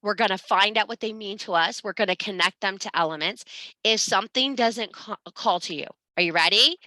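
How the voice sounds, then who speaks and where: Brisk and sharp, a woman with a mid-range voice gives a blunt, profane motivational talk to her spiritual class, with no room sound. She scolds her students and urges them forward.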